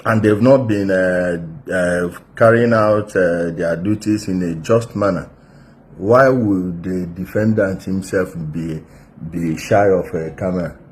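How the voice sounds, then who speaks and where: A man delivers scornful political commentary to his viewers. He halts often with fillers as he gathers his words. His voice sits somewhat low. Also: darkish tone.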